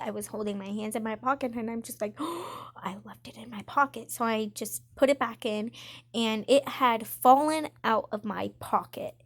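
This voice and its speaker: A woman's voice: on the high side, gravelly. A woman telling casual storytimes about school over gameplay, chatty and framing each quote with "I'm just like.". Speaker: storytime vlogger.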